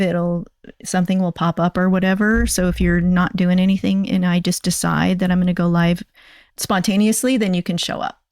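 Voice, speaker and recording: A woman's voice: medium pitch, no echo, studio quality. A woman in her sixties chatting casually and rambling on a livestream, thanking her viewers. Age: 60s. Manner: chatty, rambling, self-deprecating. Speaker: livestream host.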